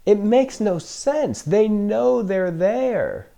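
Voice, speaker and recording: Sarcastic, mellow-voiced man joking through a movie. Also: sits high, lively intonation, drawn-out words, vocal fry. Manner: joking, sarcastic, swears freely, laughs often. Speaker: film reaction host. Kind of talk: casual first-time movie reaction commentary.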